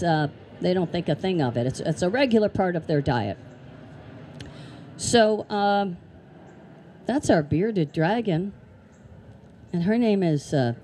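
A woman with a mellow, mid-range voice presents animals at a live children's show in an outdoor amphitheater, keeping things chatty and playful as she asks the kids plenty of questions. It's an educational talk delivered live to children, with a little hiss or hum in the audio.

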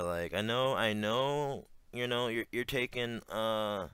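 A man's voice: mid-range voice, very animated, slow, bright, forceful tone, smooth, dry recording, studio quality. A man giving casual reaction commentary, rambling with lots of fillers, frequent swearing and laughter.

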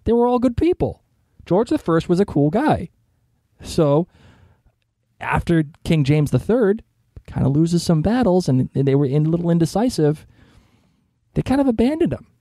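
A man's voice: fairly high pitch, very animated, normal speed, pauses often, mellow, dry recording, clean studio sound. A man co-hosting a casual history podcast, explaining things with jokes and frequent laughs. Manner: joking, laughs often while explaining. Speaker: podcast co-host.

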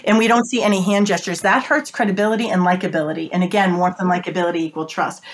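A body language expert from Boston, USA, joins a conversation as a guest from her home office over a video call, talking fast and emphatically as she gives animated advice. She calls her own voice whiny and squeaky, keeps a steady tone, and mimics high-pitched voices to demonstrate; the video call audio carries a slight hiss or hum.

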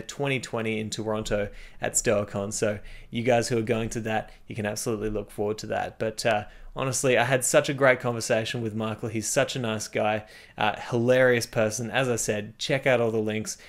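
Australian male podcast host, mid-pitched, talky, lots of ums and laughs. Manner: chatty, laughs often, many fillers and restarts. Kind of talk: casual podcast interview.

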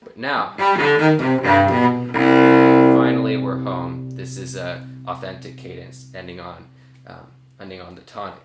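A young man, a cellist, explaining a piece in a relaxed, casual way with frequent fillers. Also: low-pitched, unhurried, pauses often, over loud music. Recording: echoey room with cello playing.

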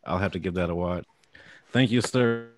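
A man's voice: deep voice, measured pace. A man co-hosting a podcast, politely winding the interview down. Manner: relaxed and polite wrapping up. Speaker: podcast co-host. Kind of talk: casual interview chat.

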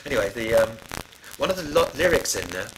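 A man's voice: mid-range voice, very animated, a little fast, a little hiss or hum, poor audio. A middle-aged man telling studio stories in a rambling, casual way, full of fillers and restarts. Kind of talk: casual spoken anecdote.

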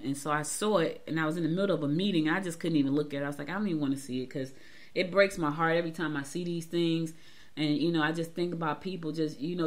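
Woman, middle-aged, morning show host, chatty, emphatic, lowish voice. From Georgia, US. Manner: chatty, emphatic, repeats herself, talks straight to listeners. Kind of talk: casual talk-show commentary.

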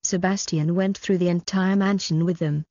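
A woman narrating an audiobook in a steady, even reading voice. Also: on the low side, moderate pace, no echo, dull audio.

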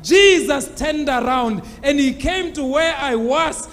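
A man playing a formerly blind beggar who excitedly tells how he was healed, often shouting. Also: very high-pitched, takes it slowly, in a large hall, exaggerated voice. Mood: joyful excited.

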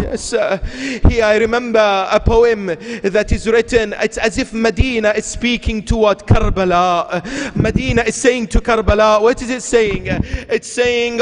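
A man delivering a mourning sermon, half chanted and half spoken, with drawn-out cries. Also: sits high, steady tone. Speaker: speaker reciting a mourning sermon. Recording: reverberant hall with faint music.

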